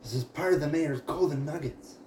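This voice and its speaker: A man's voice: on the high side, fairly quick, warm tone. A man playing a tabletop game, playful and laughing often. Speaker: player. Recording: roomy with faint noise.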